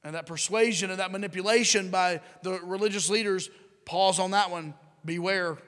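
A man preaching a sermon, acting out voices, swinging from loud bursts to hushed drops. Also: sits high, moderate pace, in a large hall. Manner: animated, acts out crowd and Pilate, rising and dropping to near whisper. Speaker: pastor.

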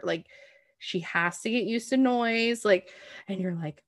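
A woman's voice: medium pitch, a little slow, no echo. A woman in casual heartfelt conversation, talking at length in an earnest, reassuring way with lots of "like" and "you know what I mean". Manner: talkative, earnest, reassuring, full of "like".

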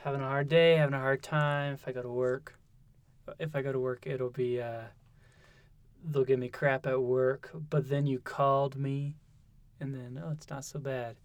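Man, podcast co-host, musician, easygoing, laughs a lot, medium pitch. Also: level tone, moderate pace, no echo. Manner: patient, defends his point, laughs often. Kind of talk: casual banter.

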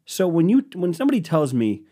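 Hosting his own podcast, a man rants through his stories with profanity and sarcasm. His voice is a little high and a little fast, with wildly swooping pitch, a dark tone and a breathy edge.

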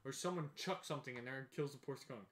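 A man telling a wild story in casual chat, animated, swearing and laughing as he goes. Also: medium pitch, quick pace. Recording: echoey room.

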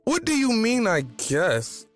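A man's voice: on the high side, slow, voice pushed up. A man voicing a playful, teasing young male character in a read-aloud fan story. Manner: teasing, cheeky.

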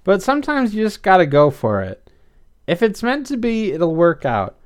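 A man's voice: high-pitched, wildly swooping pitch, moderate pace, pitched above the performer's own voice. A man voicing an upbeat, encouraging teenage girl in a read-aloud story. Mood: reassuring. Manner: reassuring, bright, upbeat.

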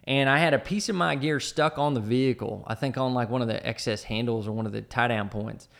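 A man's voice: medium pitch, a little fast, vocal fry, fairly bright tone. A man who once led a military team, telling a personal war story casually and rambling with lots of fillers. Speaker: former team leader in the military.

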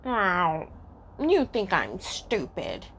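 A woman voicing a stubborn, lazy fat male cat in a storybook reading, in a smug, drawn-out way. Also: mid-range voice, wildly swooping pitch, a bit bright, slight background noise, full character voice.

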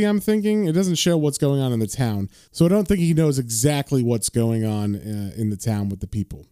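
A man's voice: mid-range voice, mellow, dry recording, studio quality. A man casually recapping and reading a comic book issue as a podcast host. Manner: casual, with fillers and laughs.

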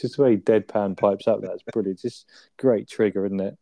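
This dry, room-free recording has a podcast co-host whose voice is fairly low, dark, and steady, at normal speed. In casual chat about a sitcom episode, he laughs as he retells scenes and appends questions.

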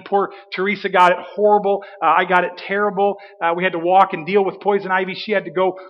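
A man, a preacher giving a sermon testimony, telling his story with dramatic pauses and emphasis. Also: high-pitched. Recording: dull reverberant hall.

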